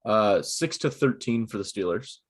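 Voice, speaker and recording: A young man with a lowish voice, speaking over a video call. He moves steadily through a list, dropping fillers between items, in an easygoing chat. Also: animated, normal speed. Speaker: podcast co-host. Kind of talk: casual chat.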